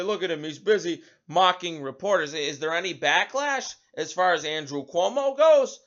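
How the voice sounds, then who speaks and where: A man's voice: high-pitched, fairly bright tone, highs cut off. A man hosting a talk show, giving an emphatic opinion monologue and often repeating words as he starts a sentence. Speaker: radio talk show host.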